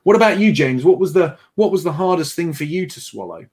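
A man's voice: a little high, animated, fairly quick, darkish tone. A man with a slightly raised voice hosts a livestream in a loose, chatty way. He reads out viewer messages and thanks the donors. He slips easily into personal stories. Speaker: livestream host reading viewer donations. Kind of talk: casual livestream chat.

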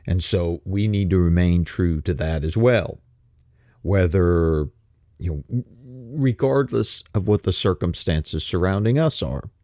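A man's voice: deep voice, measured pace, dark tone, no room sound, clean studio sound. A man preaching a sermon, reading scripture and asking rhetorical questions with rising emphasis.

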